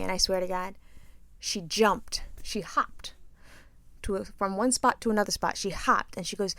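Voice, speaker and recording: A woman co-hosting a podcast, telling a story in a lively way, acting out quotes and laughing often. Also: medium pitch, moderate pace, no room sound. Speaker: podcast co-host. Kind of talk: casual storytelling chat.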